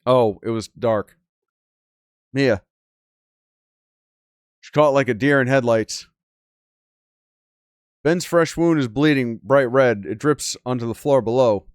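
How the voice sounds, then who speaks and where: A man's voice: mid-range voice, slow, long pauses, dry recording, studio quality. Man reading a game story, swearing asides. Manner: crude, swearing asides, reacting with disbelief. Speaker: gaming channel host. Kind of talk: reading a game story aloud with casual commentary.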